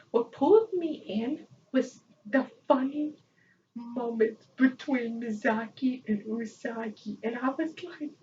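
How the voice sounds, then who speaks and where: A woman chatting casually as a vlogger, excitable and rambling, often breaking into laughter. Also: sits high. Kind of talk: casual chat. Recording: distant, dull lo-fi mic with faint noise.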